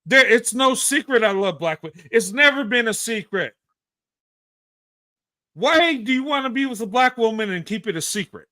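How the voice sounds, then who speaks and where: On a live show, the host speaks with passionate, blunt emphasis, tripping over words, starting sentences again and now and then cursing. The man's voice is very high, animated, pushed and bright, though his pace stays normal.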